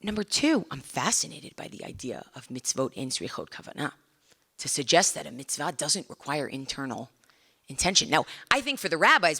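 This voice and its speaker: Animated woman lecturing a room. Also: fairly low pitch. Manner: conversational, asks the audience questions; animated, acts out little scenes. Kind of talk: academic lecture to a live audience.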